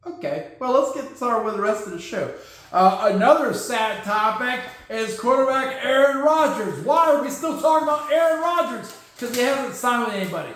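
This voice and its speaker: A man's voice: very high voice, lively intonation, moderate pace. A man hosting a casual solo sports podcast in a jokey, goofy manner. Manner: jokey and goofy, with shouted catchphrases. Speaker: podcast host. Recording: very echoey room.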